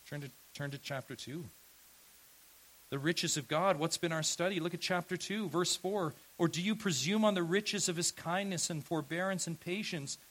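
Earnest preaching man, fairly high voice. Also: a bit bright, low-quality recording. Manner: earnest preaching with rhetorical questions, rising to emphatic calls. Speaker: pastor. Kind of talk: sermon.

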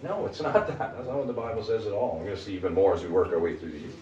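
Captured by a distant mic in an echoey room, a man teaches a small-group Bible study with emphasis, constantly questioning the group. He talks very fast in a lowish, darkish voice, and the recording carries a little hiss or hum.

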